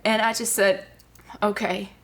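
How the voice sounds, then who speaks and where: A woman's voice: medium pitch, level tone, measured pace, a bit bright. A woman, a guest giving an earnest personal testimony with many fillers. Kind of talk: personal testimony on a talk show.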